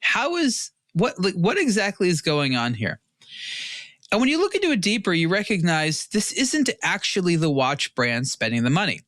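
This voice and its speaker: A man's voice: high-pitched, sing-song, moderate pace, a bit bright, no room sound, clean studio sound. A man co-hosting a watch podcast in casual panel chat, rambling with many fillers and restarts.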